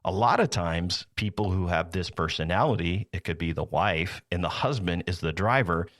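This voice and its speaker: A man's voice: low-pitched, animated, normal speed, fairly bright tone, no echo, clean studio sound. A man hosting a podcast, explaining sales in a casual, rambling way with many restarts and asides. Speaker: podcast host. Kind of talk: casual teaching talk.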